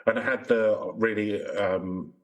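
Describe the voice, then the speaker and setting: A man with a fairly low voice co-hosting a podcast in easygoing casual chat. His humour is dry and wry, tossed off lightly. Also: fairly even intonation, slow. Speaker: podcast co-host.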